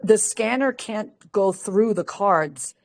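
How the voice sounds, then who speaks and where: A woman's voice: medium pitch, slow pace, gravelly. A woman from Peru telling chatty, laughing stories on a group call, acting out what people said. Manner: chatty storyteller, laughs often, acts out quotes. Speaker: call participant. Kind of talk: casual chat.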